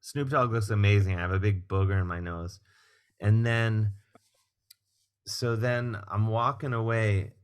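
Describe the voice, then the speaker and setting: A man with a fairly low voice spins a casual story as a podcast guest. He is animated and swears freely. He acts out the people he quotes. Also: unhurried, clean tone. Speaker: guest comedian and musician.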